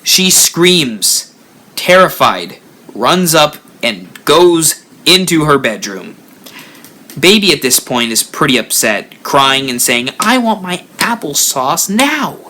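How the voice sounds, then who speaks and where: A man hosting a live stream, telling a spooky story with lively rises and drops. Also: mid-range voice, slow pace. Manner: animated storyteller, rising and dropping for effect. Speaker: haunt builder channel host.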